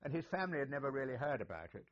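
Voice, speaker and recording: A man's voice: medium pitch, big pitch swings, racing. An older man, a retired army officer reminiscing in an oral history interview, chatty and genial with many filler sounds. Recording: dull lo-fi recording.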